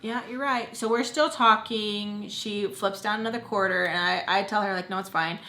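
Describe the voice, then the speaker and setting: A young woman casually telling a long personal story, animated and slipping into voices for the people she quotes. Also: mid-range voice, moderate pace. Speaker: storytime vlogger.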